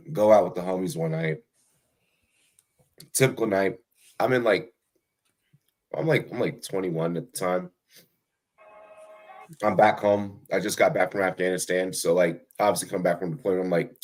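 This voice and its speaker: A young man with a very low voice hosts a casual podcast over a call. He rambles with constant fillers and false starts and swears freely. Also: a little mellow. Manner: rambling, many fillers and restarts. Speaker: fantasy football show host. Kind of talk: casual profane podcast chat.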